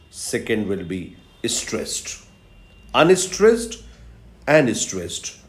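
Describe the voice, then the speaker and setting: A man giving a recorded lecture on poetry, teaching slowly and emphatically with repetitions and fillers. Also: medium pitch. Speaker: English literature lecturer. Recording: echoey room.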